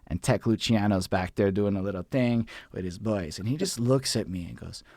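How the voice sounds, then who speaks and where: Excited, swearing host in his thirties. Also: on the low side, normal speed, few pauses, no echo, studio quality. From Montreal, Canada. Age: 30s. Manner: excited, profane, rambling. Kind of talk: livestream interview intro.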